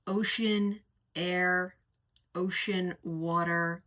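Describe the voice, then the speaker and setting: Slow-talking, bright-voiced woman fragrance reviewer. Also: on the low side, steady tone. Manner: effusive and vivid, lingering over each word. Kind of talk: casual reviewing chat.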